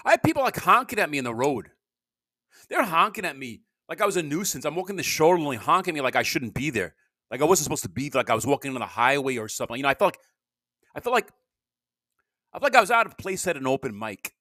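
Rambling self-deprecating man, lively pitch. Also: quick pace, dry recording, clean studio sound. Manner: rambling, self-deprecating, veers between loud bursts and low mutters. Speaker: amateur podcast host. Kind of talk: rambling solo monologue. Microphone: home podcast mic.

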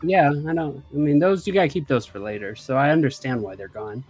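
A man's voice: mid-range voice, brisk, darkish tone, slightly rough. A man guesting on a podcast, trading dry, sarcastic quips in casual film-review chat.

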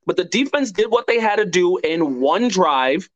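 A man co-hosting a casual sports podcast, excitable and profane, talking in halting bursts full of restarts. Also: sits high, poor audio. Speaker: podcast co-host.

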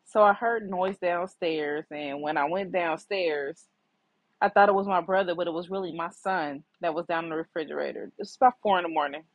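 A woman's voice: on the low side, brisk, no echo, lo-fi sound. A middle-aged woman hosting a podcast, candidly and reflectively telling a personal story with many fillers. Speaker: podcast host.

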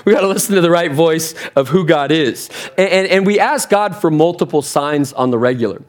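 A man preaching a sermon as a pastor, telling a story with animated energy and frequent word repeats. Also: fairly high pitch, brisk. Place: church platform.

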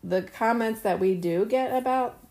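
A woman's voice: on the high side, moderate pace, a little mellow. A middle-aged woman co-hosting a podcast, chatting earnestly and telling stories with lots of fillers. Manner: earnest, storytelling, many fillers. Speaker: podcast co-host. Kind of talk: casual chat.

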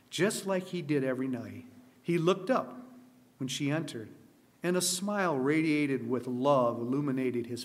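Earnest man reading a story aloud. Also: mid-range voice. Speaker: storyteller at a camp meeting.

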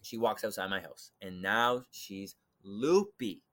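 Bright-voiced man telling an eerie story. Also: on the low side, slow. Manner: animated, acts out voices, swings from loud to hushed. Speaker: podcast guest telling a personal story. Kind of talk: dramatic storytelling in conversation.

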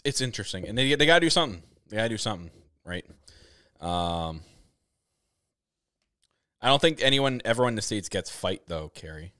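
Canadian guy hosting a chatty podcast, lowish smooth voice, dry sound, gets excited and trips over his words. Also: no room sound. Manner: excitable, rambling, many restarts. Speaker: podcast host. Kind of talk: casual chat. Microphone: camera setup on a video call.

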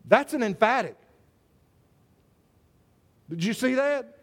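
A man's voice: very high voice, animated, takes it slowly. A man preaching a sermon to his church, emphatic and repetitive, full of rhetorical questions. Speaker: pastor.

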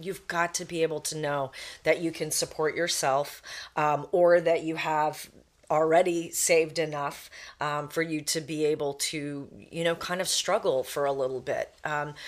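A woman entrepreneur as a podcast guest, speaking in a thoughtful, measured way while giving advice. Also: deep voice. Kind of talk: casual interview chat.

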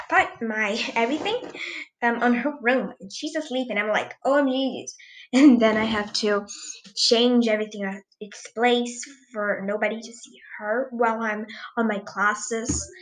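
A teenage girl talks through her own solo podcast with a slightly high voice, giggling and stopping often to hunt for what to say next. Her talk is loose and scattered, full of "um"s and sudden exclamations as she jumps from one thing to the next. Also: a bit bright, low-quality recording. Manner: exclamations and filler "um"s. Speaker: podcast host. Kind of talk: solo casual podcast chat.

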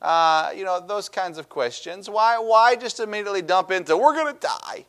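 A man's voice: moderate pace, fairly bright tone, smooth. A middle-aged male pastor giving a sermon in a conversational way, with fillers and restarts, and acting out the complaining people in a raised voice. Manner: acts out Bible voices and the people's complaints with bursts of pitch.

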